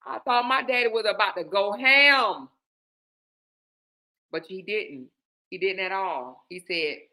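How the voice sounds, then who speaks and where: Bright-voiced woman telling a personal story. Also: on the high side, measured pace. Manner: animated, talks straight to listeners with "y'all". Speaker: host.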